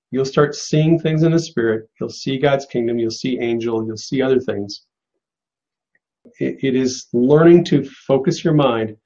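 A man's voice: medium pitch, a little mellow, muffled recording. A man hosting a live spiritual broadcast, teaching and answering callers in an earnest, encouraging way with frequent restarts. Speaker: host of a live prophetic broadcast.

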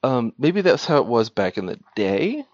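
A man's voice: medium pitch, big pitch swings, normal speed, dry recording, dull audio. A man co-hosting a casual chat, playful and laughing often. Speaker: podcast co-host.

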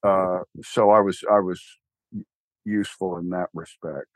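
A man's voice: low voice, steady tone, a little slow, no echo. Rambling older man with a Texan accent. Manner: rambling, wry, many restarts and fillers. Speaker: guest, church co-founder. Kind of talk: casual interview chat.

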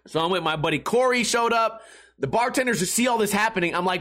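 High bright-voiced man telling a heated story. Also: lively intonation, quick pace. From Las Vegas. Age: middle-aged. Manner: rambling, heated, profane, laughs between lines. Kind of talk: casual profane storytelling.

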